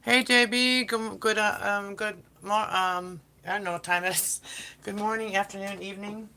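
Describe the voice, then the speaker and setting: A woman with a medium-pitched, steady, sharp-toned voice at normal speed hosts a casual baking livestream from her home kitchen, with background noise. She chats and rambles to her viewers and her kitten.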